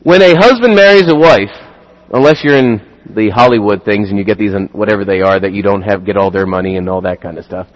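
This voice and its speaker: A man's voice: lowish voice, quick pace. A man preaching a sermon in an earnest way, driving points home with repeated rhetorical questions. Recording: long hall reverb.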